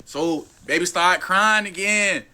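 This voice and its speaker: Casting: young guy with a higher voice, slangy animated storyteller. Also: takes it slowly, a little hiss or hum. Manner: slangy, animated, says bro constantly. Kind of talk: casual storytelling.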